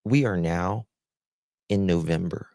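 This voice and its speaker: Low gravelly guy doing a live stream, slow and soft, calls everyone honey, dry close sound. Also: dry recording. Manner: slow, heartfelt, greets viewers by name with endearments. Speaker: livestream host. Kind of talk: live stream chat with viewers.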